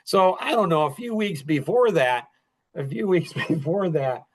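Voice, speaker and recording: Middle-aged male podcast host, casual storyteller, slightly high and very animated pitch, chuckles often. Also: measured pace, slightly rough.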